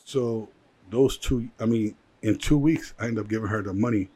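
A man with a low voice, a guest in a casual interview, recounting his rise in business. He tells it in an animated way, with lots of "like" fillers. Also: normal speed, husky. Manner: animated storyteller with many "like" fillers. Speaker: guest, jeweler and entrepreneur.

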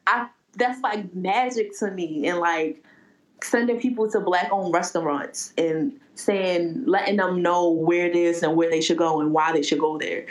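A woman's voice: fairly low pitch, measured pace. Lady curator chatting on a podcast, swears a lot, punchy, echoey room. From Baltimore. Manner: profane, emphatic, animated storytelling. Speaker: guest, gallery curator. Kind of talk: casual podcast conversation.

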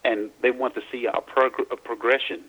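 A middle-aged man, a guest author, recounting his experiences in a halting way, repeating words as he searches for them. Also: mid-range voice, steady tone, fairly bright tone, slightly rough, poor audio. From Louisiana, US. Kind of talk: casual interview, recounting personal experiences.

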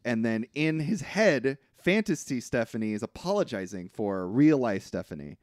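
A man co-hosting a podcast, casually recapping a film in an animated way, acting out quotes and often hedging. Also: medium pitch, normal speed, dry recording, studio quality. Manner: animated retelling with acted-out quotes, frequent hedging. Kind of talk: casual chat.

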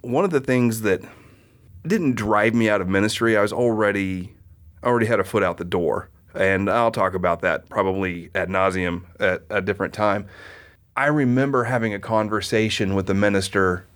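A man's voice: fairly low pitch, moderate pace, fairly bright tone. A middle-aged man from the American Midwest, hosting a podcast and telling a story in casual conversation, acting out the people in his anecdotes. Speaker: podcast host.

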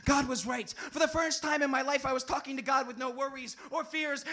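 Man, slam poet, live venue, very high voice, animated, comic, shouts and hushed lines. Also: brisk, hardly any pauses. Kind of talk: live slam poetry performance.

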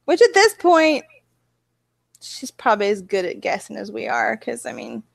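Chatty Southern woman with gravelly fry. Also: on the high side, very animated, normal speed, no echo. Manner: rambling storyteller, acts out her own reactions. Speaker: podcast co-host. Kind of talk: casual chat.

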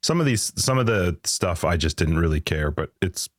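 A man with a very deep voice co-hosts a podcast. He talks in a laid-back way and thinks out loud. The sound is dry and close to the mic. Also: expressive, moderate pace, no echo. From Canada. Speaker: podcast co-host. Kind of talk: casual chat.

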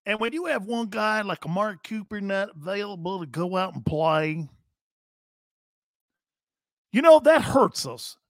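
A man's voice: high-pitched, lively intonation, unhurried, long pauses, no room sound, studio quality. A man putting on the drawling voice of an older male football team owner. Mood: folksy. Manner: drawling, mock-folksy.

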